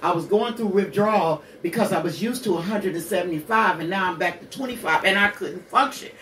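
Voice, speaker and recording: A woman's voice: on the low side, a little fast, fairly bright tone, roomy sound, distant mic, slight background noise. A woman in her sixties hosting a radio show, telling her own hard story bluntly, with curses and rhetorical questions. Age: 60s. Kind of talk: candid personal monologue.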